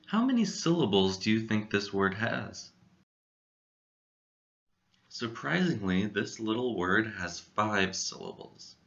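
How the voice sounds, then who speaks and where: A man presenting a scripted English vocabulary lesson, speaking clearly and deliberately and sounding out each syllable. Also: fairly low pitch, big pitch swings, a bit bright, highs cut off. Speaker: English teacher.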